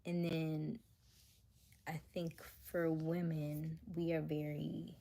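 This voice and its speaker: A woman's voice: sits low, flat delivery, slow, creaky, warm tone. A woman hosting a casual livestream, chatting and musing aloud and dropping to a near-whisper when she reads comments. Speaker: livestream host.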